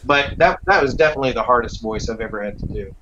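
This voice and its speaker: A man's voice: medium pitch, fast, dull audio, a crowd in the background. A man, a voice actor being interviewed, talking casually with lots of fillers and restarts. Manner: relaxed, rambling, with many fillers. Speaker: voice actor guest. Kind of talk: casual interview over a call.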